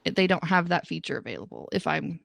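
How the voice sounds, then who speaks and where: A woman's voice: low voice, very animated, quick pace, creaky, fairly bright tone, no echo. A woman guest co-hosting a live stream, chatting casually, hedging and laughing often. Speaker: co-host guest. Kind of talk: casual chat.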